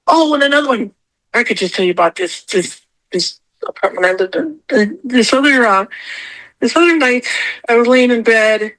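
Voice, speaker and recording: Middle-aged woman guest on a podcast, fairly high voice, jumps way up when she quotes herself. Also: rough recording. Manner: animated, acts out her own quotes in a high voice. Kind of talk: casual storytelling interview.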